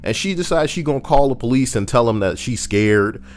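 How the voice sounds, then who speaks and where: A man co-hosting a podcast, ranting in a profane, heated, animated way. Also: mid-range voice, a little fast. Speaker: podcast co-host. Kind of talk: casual ranting commentary.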